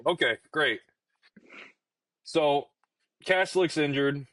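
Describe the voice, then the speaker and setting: A man's voice: mid-range voice, animated, normal speed, fairly bright tone, no echo, poor audio. A young man co-hosting a casual hockey podcast, ranting in an exasperated, profane way about his team. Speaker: podcast co-host. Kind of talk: casual chat.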